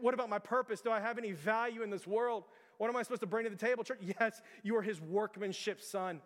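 High-voiced young pastor preaching in a reverberant church. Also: male voice, fairly bright tone. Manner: impassioned, repetitive preaching cadence. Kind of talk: sermon. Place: church sanctuary.

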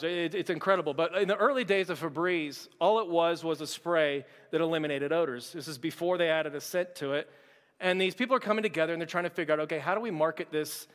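A young man preaching a sermon as pastor, conversational and joking with quick asides. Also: a little high, a bit bright, long reverb tail. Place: church sanctuary.

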